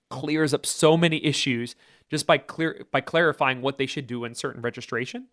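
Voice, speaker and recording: A man's voice: on the high side, moderate pace, a bit bright, dry recording, clean studio sound. A man, a choir teacher and podcast co-host, explaining vocal technique at length in casual chat with jargon and restarts.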